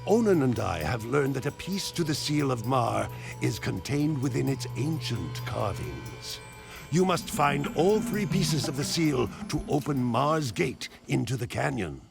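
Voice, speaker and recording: An actor playing a grave old male mentor in a video game, speaking solemnly with a gravelly voice. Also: medium pitch, big pitch swings, a little slow, music in the background. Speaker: game character.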